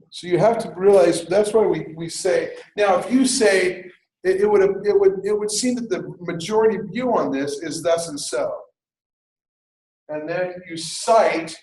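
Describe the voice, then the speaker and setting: A man teaching a writing workshop in a classroom, lecturing in a lively, conversational way with jokey asides. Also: high voice, reverberant, rough recording. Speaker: writing instructor.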